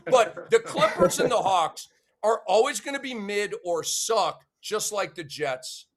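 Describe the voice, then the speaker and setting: High-voiced guy hosting a sports show, pitch jumping all over, ranty and animated. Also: measured pace. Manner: animated, ranting, repeats words for emphasis. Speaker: podcast host. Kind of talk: casual sports talk show.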